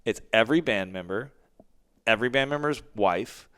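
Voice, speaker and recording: A man's voice: fairly low pitch, normal speed, fairly bright tone, clear, resonant tone. A man in his forties telling stories candidly in an interview, swearing often and acting out what people said. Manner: candid, heavy swearing, acts out quotes. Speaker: podcast guest, band frontman. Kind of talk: casual interview storytelling.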